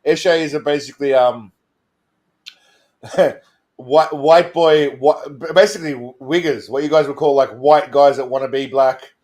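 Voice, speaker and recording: A man's voice: on the high side, fairly even intonation, unhurried, darkish tone. Rambling Australian man with a raised voice. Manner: rambling, repeats words, laughs often. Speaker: co-host of a livestream show. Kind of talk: casual livestream chat.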